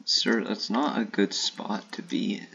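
A man streaming a shooter game in casual live commentary, swearing and trash-talking opponents with sudden excited outbursts. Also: lowish voice, measured pace, gravelly, slightly rough, dull audio.

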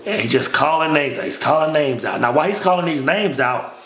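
Speaking fairly quickly at a fairly high pitch, a man relaxes into a long, slangy personal story of army training, constantly calling the listener "man." Faint noise and echo from the room come through on the recording.

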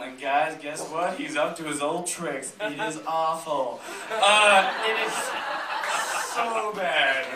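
A man performing a stand-up comedy set on a theater stage, telling deadpan stories with sudden loud punchlines while the audience laughs. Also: a little high. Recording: roomy, distant, noisy live club recording.

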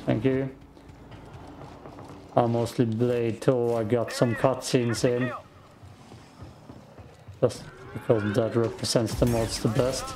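Slow, laid-back male game commentator. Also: medium pitch, little pitch movement. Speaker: gaming YouTuber. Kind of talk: let's play commentary. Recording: faint background noise.

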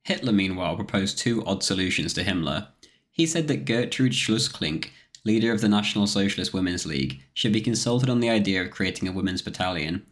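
Deep-voiced man narrating history. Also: lively intonation, a bit bright. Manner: measured, reads quotations aloud with spoken quote marks. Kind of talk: scripted documentary narration.

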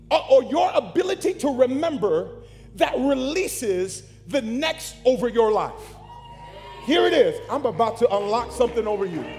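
A pastor preaching an animated sermon to his congregation, calling out to the room. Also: very high-pitched, in a large hall.

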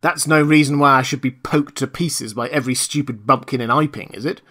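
A man's voice: a little high, animated, moderate pace, fairly bright tone, pitched above the performer's own voice. A man reading an audiobook, voicing an irritable, indignant invisible stranger with haughty protests.

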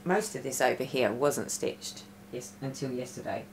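A middle-aged woman with a very deep voice talks at normal speed with slight background noise. A cross-stitch vlogger, she chats casually in a stitch-along, telling a rambling story with lots of restarts. She's recorded on a webcam in a room at home, with a roomy echo.

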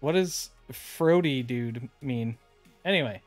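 A man's voice: medium pitch, takes it slowly, no echo, faint music behind. A man streaming live, opening card packs and chatting casually with his viewers. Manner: chatty, reads card names aloud, talks to chat.

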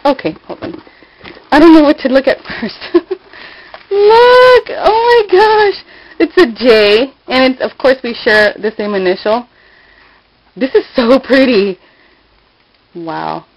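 A woman's voice: a little high, unhurried, pauses often, rough recording. A middle-aged woman vlogging at home, gushing and giggling as she unboxes a gift. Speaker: craft vlogger. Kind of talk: casual unboxing vlog.

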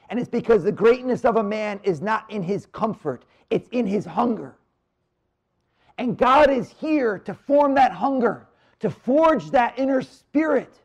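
A man with a high voice preaches at a marriage retreat in a church room. He speaks casually and with energy, then drops into slow, quiet stretches to stress a point. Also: animated, gravelly. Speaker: priest giving a marriage retreat talk. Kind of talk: live retreat talk. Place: church room near the Blessed Sacrament.

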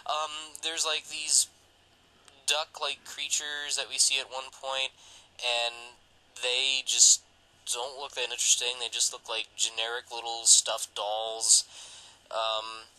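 A man's voice: mid-range voice, slow pace, low-quality recording. A man co-hosting a casual film podcast, recapping a movie plot with jokes and frequent giggles. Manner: joking, giggly, animated recapping. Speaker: podcast co-host.

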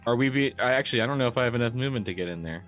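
A man's voice: medium pitch, expressive, rapid-fire, fairly bright tone, faint music behind. A man playing a tabletop game, hesitant and giggly, with many ums. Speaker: player.

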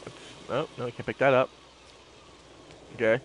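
A man's voice: mid-range voice, fairly even intonation, moderate pace, long pauses, dull audio, slight background noise. A man giving casual let's-play commentary, playful and jokey, talking to himself as he explores. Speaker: gameplay commentator.

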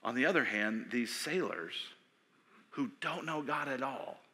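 A man preaching a sermon as pastor, animated, asking questions and acting out voices. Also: mid-range voice, measured pace. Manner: animated, acts out voices, asks the audience questions. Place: church sanctuary. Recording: long hall reverb.

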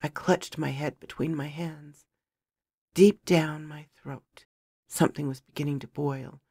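A woman narrating a first-person fantasy story in a measured, dramatic storytelling manner. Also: low voice, fairly even intonation, dark tone, husky, dry recording, clean studio sound.

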